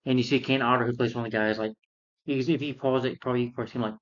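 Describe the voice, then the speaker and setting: A man's voice: mid-range voice, fairly even intonation, racing. Rambling man with a dull lo-fi sound. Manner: rambling, many fillers and restarts. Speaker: film reviewer. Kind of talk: casual retelling of a film plot.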